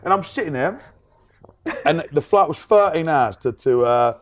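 Chatty man telling a story, fairly high voice with big swings, acts out the quotes. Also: normal speed. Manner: animated storyteller, acts out quotes, laughs often. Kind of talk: casual chat.

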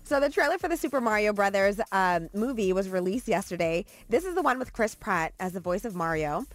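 A woman's voice: mid-range voice, lively intonation, fairly quick, dry recording. A woman presenting the trending entertainment segment on a morning TV show in an upbeat way. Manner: upbeat, reads tweets aloud with light laughs. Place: TV studio.

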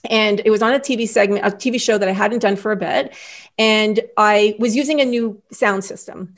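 A middle-aged woman talking as a podcast guest, telling an animated story and acting out other people's lines. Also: medium pitch, a little fast. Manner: animated storyteller, acts out quoted voices. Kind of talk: casual interview chat.

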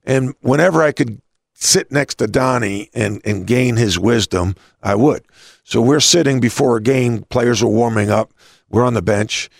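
A man's voice: medium pitch, normal speed, gravelly, no echo, clean studio sound. A man hosting an interview, rambling through anecdotes with frequent restarts. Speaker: host. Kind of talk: casual interview talk.

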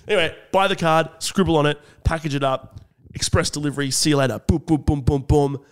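A young man in a relaxed comedy podcast chat with a slightly raised pitch. He tells his story in an animated way, laughs often and slips into the voices of the people in it. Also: quick pace. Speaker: podcast co-host.

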